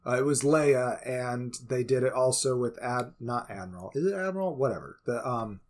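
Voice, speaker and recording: Male podcast co-host, average pitch, stop-start hedging delivery with a teasing streak. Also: moderate pace. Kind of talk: casual chat.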